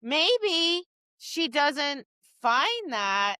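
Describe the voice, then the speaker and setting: A woman dog trainer co-hosts a podcast, chatting casually in a bright, slightly high voice at a very slow pace. Her stories are animated and packed with acted-out quotes and frequent restarts. The close mic gives a dry recording.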